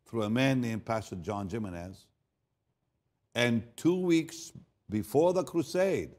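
Delivering a sermon story, this older male pastor has a voice on the low side. His telling shifts from quiet asides to forceful, loud declarations, and he frequently repeats his words.

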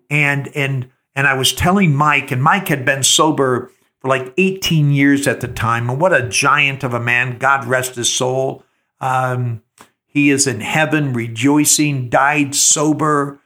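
A man's voice: on the high side, pushed and bright. A man in his sixties hosting a recovery podcast, reflecting in an earnest, preacher-like way and asking his listeners rhetorical questions. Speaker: podcast host.

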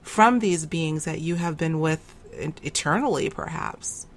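A woman's voice: low-pitched, measured pace. A woman hosting an interview, asking reflective, probing questions. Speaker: host.

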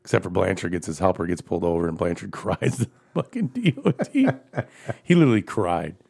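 A man with a low, gravelly voice tells stories among friends. He talks crudely and profanely, laughs often and gets animated. It is relaxed, casual chat. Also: brisk.

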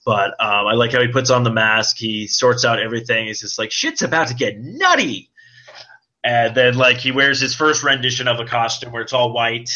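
An excitable man chatting casually on a podcast, his voice very bright and sharp. He keeps breaking into high squealing impressions of scenes, and the recording sounds dull and lo-fi. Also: fairly quick, few pauses. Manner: excitable, acts out movie lines in a high squealing voice. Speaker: podcast co-host. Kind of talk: casual chat.

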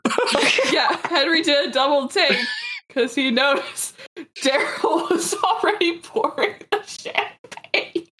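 A woman co-hosting a comedy podcast, telling a silly story haltingly and breaking into giggles. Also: high-pitched, expressive, sharp tone, a little hiss or hum. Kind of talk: comedic improv storytelling chat.

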